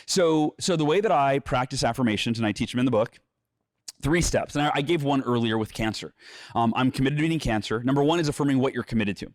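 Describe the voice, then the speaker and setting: A middle-aged man, an author guest in an interview, explaining his method with lively energy and often acting out quoted inner voices. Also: medium pitch, fast, dry recording, studio quality. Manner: repeats words when restarting. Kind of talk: conversational interview, teaching.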